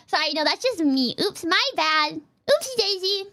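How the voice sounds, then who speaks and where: Young woman streamer with a high voice, goofy rambling chat w her viewers. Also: expressive, sharp tone. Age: young adult. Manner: playful, rambling, quick jokey asides. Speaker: VTuber streamer. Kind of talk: casual chat with live stream chat.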